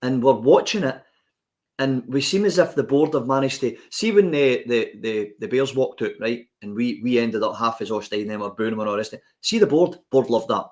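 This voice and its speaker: A man's voice: mid-range voice, expressive, a little fast, darkish tone. A man with a Scottish accent, co-hosting a podcast and ranting with passion in casual chat. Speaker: podcast co-host.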